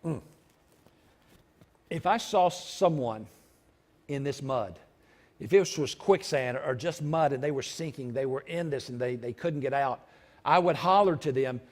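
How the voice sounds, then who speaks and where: A man preaching a sermon in church, repeating lines for emphasis and breaking into loud shouts. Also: mid-range voice, measured pace, long pauses. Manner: preaching with sudden shouted outbursts; repetitive, emphatic delivery. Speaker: pastor. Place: church sanctuary.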